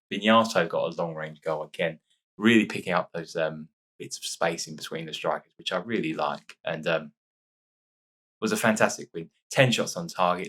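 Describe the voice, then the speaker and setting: Casting note: low-voiced male let's-player, chatty and excitable, slightly stuffy from sneezing. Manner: chatty, excitable reacting to match play. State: sore nose after sneezing fit. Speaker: gaming YouTuber. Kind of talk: casual let's-play commentary.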